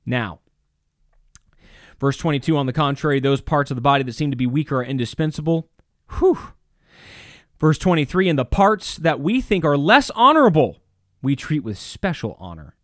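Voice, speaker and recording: A man's voice: on the high side, very animated, normal speed, pauses often, fairly bright tone, dry recording, studio quality. A man preaching a sermon as a pastor, impassioned and emphatic, repeating phrases for stress.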